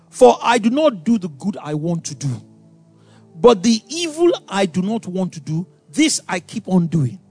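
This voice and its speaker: Animated high-pitched pastor preaching. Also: male voice. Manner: animated preaching, acts out voices, sudden loud outbursts. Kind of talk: sermon.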